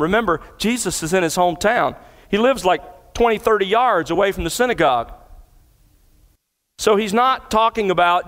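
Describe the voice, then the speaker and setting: A man's voice: sits high, lively intonation, a little fast, fairly bright tone. A middle-aged man preaching an expository sermon as a pastor, earnest and emphatic as he explains scripture verse by verse. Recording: long hall reverb.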